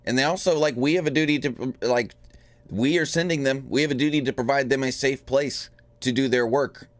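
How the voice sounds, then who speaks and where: A man co-hosting a political talk podcast, thinking out loud in a casual way. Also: medium pitch, a little fast, dry recording. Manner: musing, thinks aloud. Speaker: podcast co-host.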